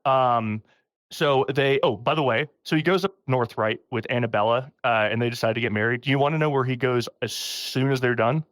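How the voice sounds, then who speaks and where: This podcast host speaks at a mid-range pitch and a fairly quick clip, recorded dry. He's animated as he casually retells a story, laughing often and acting out quotes in a raised voice.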